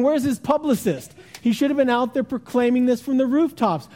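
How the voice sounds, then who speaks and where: A man preaching a sermon, retelling a story with animated, acted-out voices and sudden drops to a hushed tone. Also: extremely high pitch, normal speed, hardly any pauses. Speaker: pastor.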